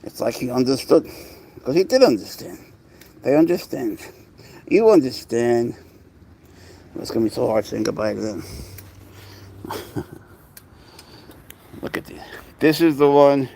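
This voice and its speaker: A man with a New York accent talks casually on a livestream, rambling from one thought to the next. He slips into soft, cooing baby talk whenever he turns to his cats. His pitch sits in a middle range for a man. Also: a little slow, creaky, long pauses, slight background noise. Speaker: pet owner livestreaming. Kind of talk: casual live stream chat.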